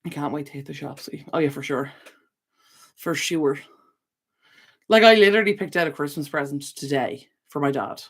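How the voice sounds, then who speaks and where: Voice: mid-range voice, normal speed, long pauses, fairly bright tone. A young adult channel host chatting casually on a livestream, reading out viewer comments, rambling with frequent laughs and self-corrections.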